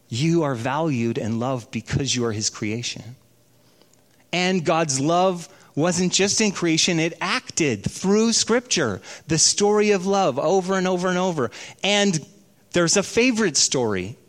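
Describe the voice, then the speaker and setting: A man preaching a sermon, telling stories and slowing down for emphasis. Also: high voice. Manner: storytelling, slows down for emphasis. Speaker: pastor.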